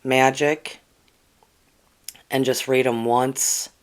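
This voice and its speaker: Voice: medium pitch, level tone, drawn-out words, clean tone. A spiritual channel host on a casual livestream, reading oracle cards and chatting earnestly to viewers, with lots of ums and restarts. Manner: rambling, with frequent ums and restarts.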